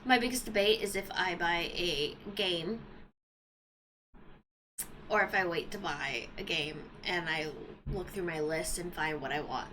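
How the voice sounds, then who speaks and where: A woman livestreamer chatting casually at home, animated and talking to her cats between thoughts. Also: fairly low pitch, a little slow, long pauses, a little hiss or hum, poor audio. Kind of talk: casual stream chat.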